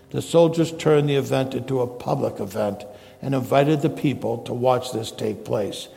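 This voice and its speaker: Gravelly-voiced male preacher in a hall. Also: mid-range voice, dark tone. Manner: expository Bible teaching, paraphrasing scripture. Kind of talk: sermon.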